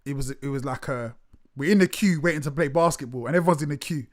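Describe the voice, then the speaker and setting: Male interviewer, higher-pitched voice, chatty and animated, acts out quotes. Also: quick pace. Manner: animated storyteller, acts out other voices, swears casually. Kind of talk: casual conversational interview.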